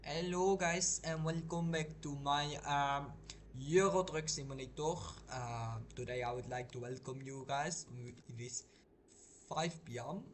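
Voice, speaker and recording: A man's voice: fairly high pitch, a little slow, slight background noise, natural voice. A man putting on a sing-song Indian-accented video host. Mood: eager. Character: over-eager male video host greeting viewers.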